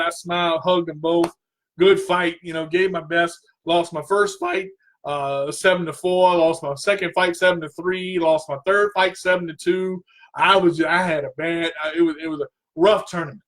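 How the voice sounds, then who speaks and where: A man's voice: sits high, steady tone, moderate pace, fairly bright tone. A man hosting a talk radio show, telling a personal story in an earnest way, repeating himself and straining his voice when he gets worked up.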